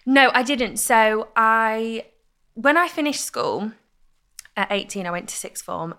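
A young woman, telling stories in a casual interview with lively, laughing chat. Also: on the high side, unhurried. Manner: chatty, animated storytelling with laughs. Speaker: guest, content creator.

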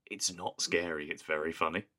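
A man's voice: sits low, steady tone, moderate pace, sharp tone. A man co-hosting a podcast in casual chat, rambling and amused, often laughing. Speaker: podcast co-host.

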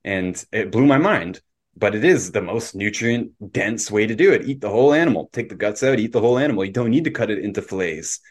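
A man's voice: lowish voice, expressive, a little fast. A man from Canada hosting a casual podcast discussion, opinionated and lecturing in tone. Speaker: podcast host.

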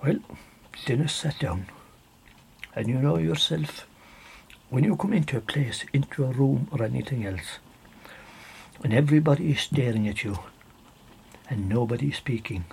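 A man's voice: mid-range voice, normal speed, gravelly, long pauses, a little mellow, a little hiss or hum. A man with an Irish accent telling a traditional folk tale, repeating phrases and speaking straight to the listener. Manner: repetitive, addresses the listener. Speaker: storyteller.

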